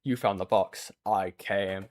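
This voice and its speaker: A man doing a slow, ominous horror villain. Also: low voice, fairly even intonation, a little mellow.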